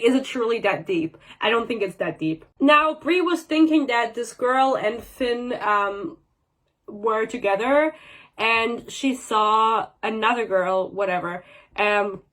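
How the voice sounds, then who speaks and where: A woman's voice: a little high, a bit bright, low-quality recording. A young woman giving a sarcastic, swear-heavy casual book review rant, mocking characters in exaggerated voices.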